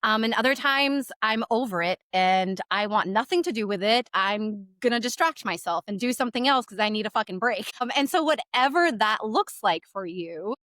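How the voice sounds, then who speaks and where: A woman's voice: mid-range voice, lively intonation, normal speed, hardly any pauses, fairly bright tone, no room sound, clean studio sound. Frank, reassuring woman coach. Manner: reassuring, frank, laughs easily. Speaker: coach and podcast co-host. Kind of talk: casual podcast conversation.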